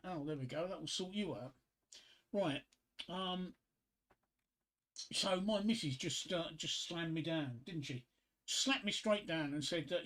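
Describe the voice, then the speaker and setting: An older man with a fairly high-pitched voice hosts a casual solo livestream. He rambles, jokes at his own expense and talks straight to his few viewers, full of ums and restarts. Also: measured pace, pauses often, fairly bright tone, poor audio. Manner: rambling, self-deprecating, chatting to viewers; frequent fillers and restarts. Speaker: livestream host.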